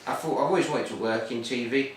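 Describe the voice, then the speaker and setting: A man's voice: medium pitch, fast talker, slight background noise. Young Cockney man, echoey and distant. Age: young adult. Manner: rambling, full of "sort of" and "like". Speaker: TV production student. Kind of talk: casual interview answers. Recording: very echoey room, distant mic.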